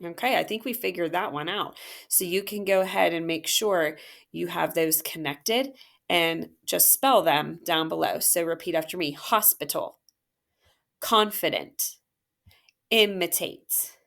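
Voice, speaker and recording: Slow, gravelly-voiced woman teaching phonics. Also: fairly low pitch, fairly bright tone. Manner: patient, encouraging, sounds out words slowly. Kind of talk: phonics lesson walkthrough.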